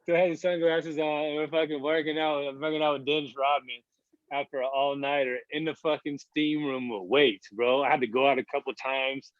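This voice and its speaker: A man's voice: on the high side, fairly even intonation, a little fast, no echo. A man in his thirties, a podcast guest, telling a long story casually, rambling and swearing with lots of filler words. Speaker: podcast guest, basketball player. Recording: dull, dry lo-fi sound.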